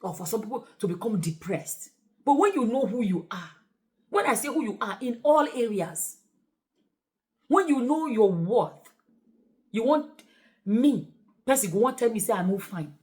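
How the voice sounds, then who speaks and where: A Nigerian woman talking in a casual vlog. She is animated, laughs often and slips into Pidgin phrases. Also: a little high, moderate pace, long pauses. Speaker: vlogger and shortlet host.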